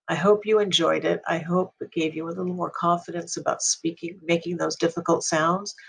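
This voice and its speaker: Encouraging, gravelly-voiced ESL teacher. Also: mid-range voice, a bit bright, a little hiss or hum. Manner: encouraging, with frequent fillers. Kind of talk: recorded online lecture.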